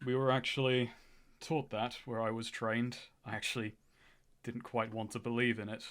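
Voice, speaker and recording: A thoughtful young adventurer weighing hard choices out loud, voiced by a man at the table. He talks earnestly with small hesitations, at a middling pitch and an even, everyday delivery. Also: normal speed, close to an everyday voice. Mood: reflective.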